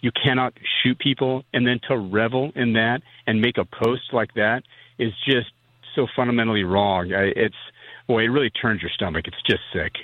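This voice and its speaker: A man's voice: mid-range voice, normal speed, dry recording. Earnest middle-aged man on a phone line. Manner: earnest, somber. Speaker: physician guest. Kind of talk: phone-in interview.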